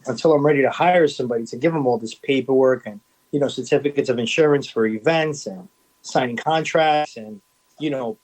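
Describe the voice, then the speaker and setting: A man's voice: mid-range voice, darkish tone, low-quality recording. A middle-aged man telling stories as a guest on a casual interview show, repeating phrases for emphasis and often restarting his sentences. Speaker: food business owner, guest.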